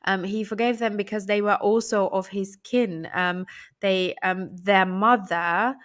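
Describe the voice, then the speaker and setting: A woman co-hosting a casual chat, talking with many fillers and quick affirmations. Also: medium pitch, fairly even intonation, a bit bright. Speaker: co-host discussing Tolkien lore.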